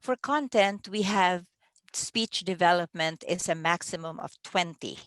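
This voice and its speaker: A woman with a slightly low voice teaches contest judges how to score speeches. She talks in an easy conversational way, restarting phrases and laughing lightly now and then. The sound is dry and close, with no room echo. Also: unhurried, fairly bright tone. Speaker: contest judging trainer. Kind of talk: training talk.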